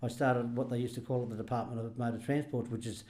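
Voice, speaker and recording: Guesting on a podcast, an Australian man in his sixties who used to work as a greenskeeper chats through funny anecdotes from the job and laughs as he tells them. He speaks quickly in a mid-range voice with fairly even intonation and a slightly mellow quality.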